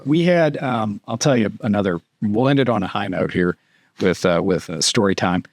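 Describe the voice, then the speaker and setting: A middle-aged man telling a story as a podcast guest, rambling and animated with many fillers and restarts. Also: on the low side, moderate pace, no room sound, studio quality. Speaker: podcast guest, retired army captain. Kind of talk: casual storytelling in conversation.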